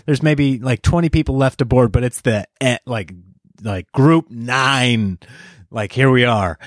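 A middle-aged man telling a casual anecdote, acting out other people's lines in high, jokey voices. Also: measured pace, no echo, studio quality. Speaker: storyteller.

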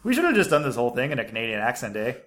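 A man's voice: mid-range voice, wildly swooping pitch, racing, a bit bright. A man co-hosting a casual science podcast, joking loosely and trailing off mid-sentence. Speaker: podcast co-host. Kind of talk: casual chat.

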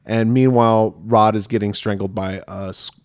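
A man co-hosting a podcast, casually recapping a film and acting out characters in high falsetto voices. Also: steady tone, normal speed, clear, resonant tone, no room sound, clean studio sound. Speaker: podcast co-host.

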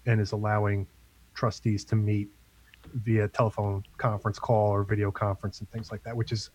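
A man's voice: fairly low pitch, flat delivery, moderate pace, a little mellow, husky, lo-fi sound. A man from New York, a librarian, informing others in a casual chat.

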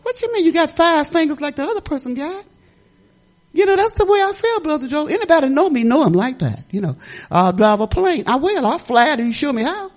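A woman's voice: high-pitched, very animated, fairly quick, a little mellow. An older woman pastor preaching in a chatty, rambling, folksy way, often laughing as she tells stories. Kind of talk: folksy sermon storytelling.

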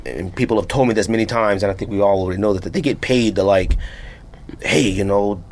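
A man co-hosting a casual podcast, ranting in an animated way with lots of filler words. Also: on the low side, racing, a little hiss or hum. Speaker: podcast co-host.

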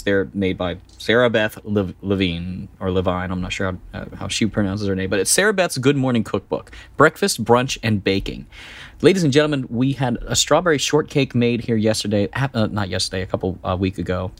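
A middle-aged man co-hosting a casual podcast chat, rambling a bit and laughing easily. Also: fairly low pitch. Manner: chatty, rambling with restarts and a quick laugh. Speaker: podcast co-host.

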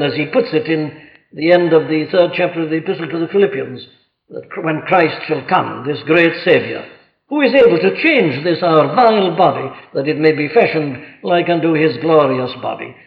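A man preaching an expository sermon, reading scripture in old formal wording and then explaining it with emphatic, animated delivery. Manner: animated, emphatic delivery with wide pitch swings. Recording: echoey, dull lo-fi sermon recording.

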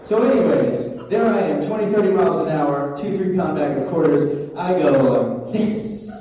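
A man telling a comic story to an audience, animated and acting out his own panic and the voices in his head. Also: a little high, moderate pace. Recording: roomy hall, voice from far off.

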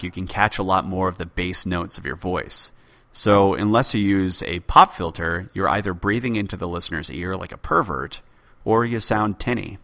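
A man's voice: low voice, a bit bright. A man hosting a podcast, answering listener questions in a casual, wry manner on a close home-studio mic. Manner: dry, wry humor. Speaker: podcast host. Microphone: close USB mic with pop filter.

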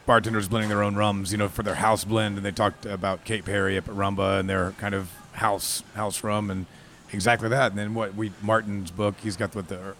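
A man in a casual chat, talking in a relaxed, halting way with many fillers. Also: on the low side, a little hiss or hum.

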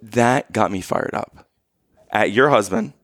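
A man telling a story in casual chat, animated, and often checking in with "okay?" and "right?". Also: on the low side, unhurried, no room sound, studio quality. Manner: acts out quoted lines in raised voice.

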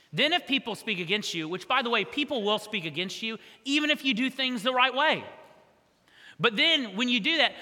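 Pastor guy preaching, high bright voice, chatty and lively, big echoey church hall. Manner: energetic, conversational preaching with asides. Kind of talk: sermon. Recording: long church hall reverb.

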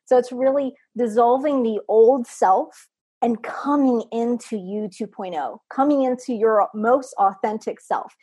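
A woman from Texas talks as a podcast guest with a slightly husky, breathy voice pitched a bit high. She speaks earnestly and reflectively, and now and then laughs at herself. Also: unhurried, dark tone. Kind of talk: heartfelt interview talk.

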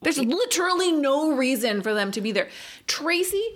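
Podcast co-host, woman, animated and expressive, casual chatty review. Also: high voice, normal speed. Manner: animated, laughs often, drops into quoted voices. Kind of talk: casual chat reviewing a movie.

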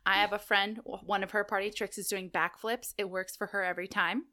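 A woman's voice: medium pitch, steady tone, fairly quick, pushed and bright. A woman co-hosting a podcast, chatting casually, giggling and joking, and reading out a list. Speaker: podcast co-host.

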